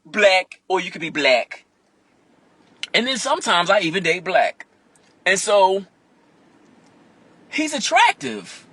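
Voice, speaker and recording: A man vlogging from inside a car, telling a candid, profane personal story with animated delivery. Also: high-pitched, no room sound. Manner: animated and profane, acts out other people's voices.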